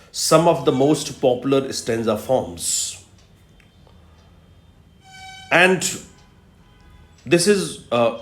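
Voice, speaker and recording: In an echoey room, a male literature professor with a mid-range voice delivers a recorded video lecture at an unhurried pace. He works through ideas step by step, returning to key terms and filling gaps with frequent "uh"s.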